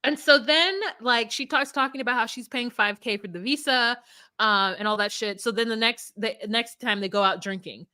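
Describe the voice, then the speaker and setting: A woman co-hosting a casual podcast, animated and swearing freely, mimicking people in a mocking voice. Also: on the high side, moderate pace, clean tone. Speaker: podcast co-host recapping a reality show. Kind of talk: casual chat.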